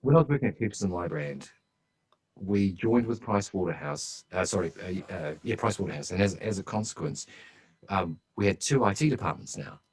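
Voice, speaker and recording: Deep-voiced man telling stories chattily. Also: lively intonation, normal speed, low-quality recording. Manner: chatty, enthusiastic anecdote-telling. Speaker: guest speaker. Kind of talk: podcast interview storytelling.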